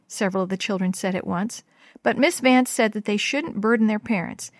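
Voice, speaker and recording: Gentle woman reading a story aloud. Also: mid-range voice, brisk, no room sound, studio quality. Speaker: story reader.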